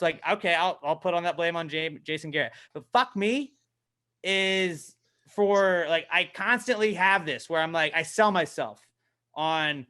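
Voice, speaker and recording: Brief: male podcast co-host with a higher, bright voice, profane and self-mocking, swinging from mumbles to yelling. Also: moderate pace. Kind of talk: casual comedic podcast chat.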